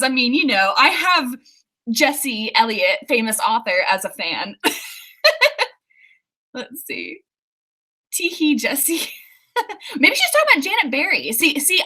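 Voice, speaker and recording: A young woman chatting casually on a livestream from her apartment, giggling often and reading viewer comments aloud. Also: fairly high pitch. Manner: giggly, excitable, laughs often. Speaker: author livestreaming writing sprints.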